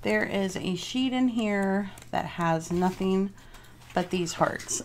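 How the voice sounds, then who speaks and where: A woman's voice: on the low side, takes it slowly, a little hiss or hum. A young woman crafting at home, chatting casually and thinking aloud while she changes her mind. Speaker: craft vlogger.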